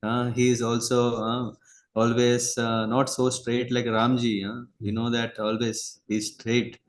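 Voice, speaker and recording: A man giving a devotional lecture as a spiritual teacher, pausing often with fillers and checking in with listeners. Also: medium pitch, little pitch movement, low-quality recording. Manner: halting, many pauses and fillers, asks listeners "yeah?".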